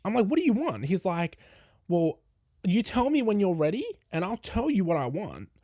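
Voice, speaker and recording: A man's voice: high voice, moderate pace, dry recording, studio quality. A young man hosting a podcast, telling a candid, sweary storytime and acting out both sides of a conversation. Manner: candid, swearing, animated retelling with quoted dialogue. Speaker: podcast host. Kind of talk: casual storytime.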